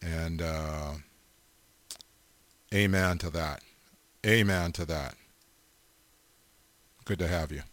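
A middle-aged male radio host ambles through listener greetings at an unhurried pace, his voice bright and forward. He talks in a rambling way, full of fillers and repeated amens. The sound is dry and close, with no room behind it. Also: low voice, fairly even intonation, dry recording. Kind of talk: casual on-air shout-outs to listeners.

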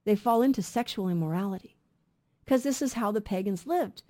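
A woman's voice: mid-range voice, expressive, fairly quick, warm tone. Emphatic woman teaching the Bible on radio. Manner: emphatic, asks rhetorical questions and answers them.

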